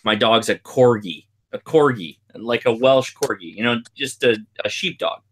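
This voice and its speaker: A man hosting a casual podcast chat, telling stories in an animated, excitable way. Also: medium pitch, normal speed, breathy edge. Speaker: podcast host.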